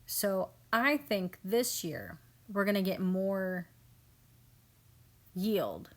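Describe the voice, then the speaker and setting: A woman's voice: mid-range voice, sing-song, very slow. A woman in her thirties narrating a home garden video in a casual, amused, chatty way, often quoting her family. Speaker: family homestead vlogger.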